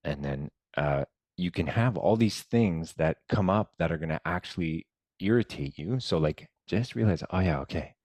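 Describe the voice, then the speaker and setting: A man leading a meditation lesson in a relaxed, chatty way, often dropping to soft murmurs and mumbling. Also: low-pitched, moderate pace, dry recording. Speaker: meditation guide. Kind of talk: casual guided-meditation talk.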